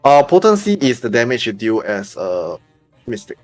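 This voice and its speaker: A man's voice: medium pitch, sing-song, moderate pace, darkish tone, faint music behind. A man co-hosting a gaming stream, explaining game rules plainly and reading character lines aloud. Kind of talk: casual let's-play chat.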